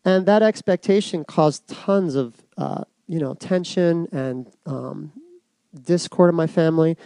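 Middle-aged guy giving a soft reflective talk, slightly high voice, dry close sound. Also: gravelly, clean tone, no room sound. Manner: reflective, soft, with many pauses and fillers. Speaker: speaker giving a dharma talk. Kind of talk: personal talk to an audience.

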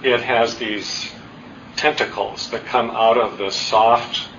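A middle-aged man giving an earnest, self-deprecating public talk, with halting restarts. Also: mid-range voice, steady tone, echoey room, very noisy. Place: hall with an audience. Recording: distant, dull lo-fi talk recording.

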